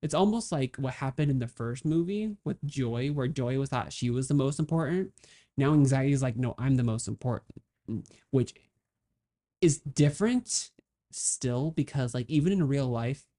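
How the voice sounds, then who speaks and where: A woman co-hosting a podcast, chatting casually about a film, fast and animated with many fillers. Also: rumbling low. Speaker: podcast co-host. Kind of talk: casual movie discussion.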